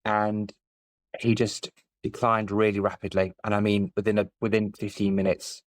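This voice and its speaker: A man's voice: on the low side, flat delivery, normal speed, no room sound. A man, telling a personal story as a podcast guest in a candid, plain-spoken way. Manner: candid, plain-spoken, speeds up in tense moments.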